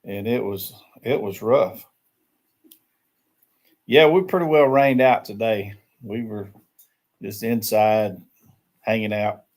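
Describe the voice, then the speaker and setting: A man's voice: fairly low pitch, slow, long pauses, a little mellow. Guy doing a chill coffee chat stream, laughs a lot, says hey to folks. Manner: easygoing, laughs often, greets viewers by name. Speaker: livestream host. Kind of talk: casual morning chat. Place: small shed used as a tiny house.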